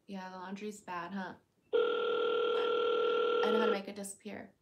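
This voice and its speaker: A woman's voice: flat delivery, a little fast, long pauses, heavy background noise. A woman hosting a casual livestream, reading viewer comments aloud in a playful, chatty way. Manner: jumps to a high baby voice when calling her cat. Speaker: livestream host.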